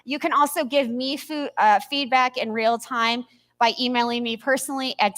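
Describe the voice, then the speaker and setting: A woman hosting a live summit on a conference stage, upbeat and quick, with small slips and asides, speaking into a stage microphone. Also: a little high, a bit bright. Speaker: event host. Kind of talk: live event emcee address.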